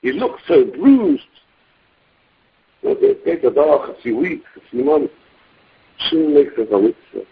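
Mann, Predigt, erzählend, sehr heiser, lebhaft schwankend, dumpfe Aufnahme. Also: male voice, unhurried, gravelly, long pauses, slightly rough. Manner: animated, sweeping pitch, restarts. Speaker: preacher telling a story. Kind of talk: storytelling sermon. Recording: dull lo-fi recording.

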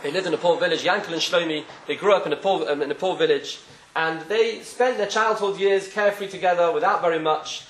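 A man delivers a sermon built around a folk parable. He talks quickly in a somewhat high voice and slips into the characters' voices as the story moves along. The room gives his voice a noticeable echo. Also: a little hiss or hum. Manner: animated storyteller, acts out voices in quotes. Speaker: speaker telling a parable.

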